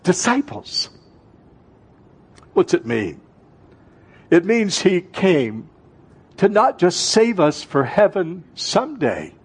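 High-voiced impassioned male pastor. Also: big pitch swings, slow pace, pauses often, breathy edge. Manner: impassioned preaching with sudden swings between loud and soft; calls out to the congregation. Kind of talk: sermon.

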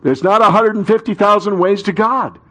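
A male pastor preaching a sermon with call-and-response, reading Scripture and rising to shouts. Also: high voice, normal speed.

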